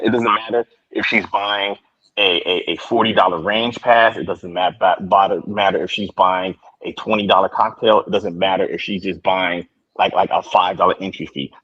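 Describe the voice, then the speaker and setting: A man's voice: sits low, moderate pace, a bit bright, breathy edge. A man calling into a talk show, making an emphatic point and repeating phrases to drive it home. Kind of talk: casual call-in chat. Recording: dull lo-fi call audio.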